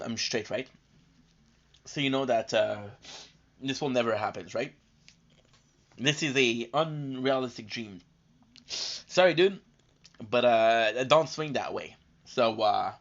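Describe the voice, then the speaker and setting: Tired, rambling gaming streamer man. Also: medium pitch. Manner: rambling, chatty, many fillers and restarts. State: tired and coming down with a cold. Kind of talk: casual live-stream chat. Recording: dull lo-fi stream audio.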